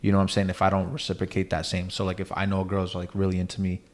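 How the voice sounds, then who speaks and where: A man's voice: deep voice, completely flat delivery, very fast. A young man hosting a podcast, chatting loosely and often asking "you know what I'm saying". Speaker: podcast host. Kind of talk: casual chat.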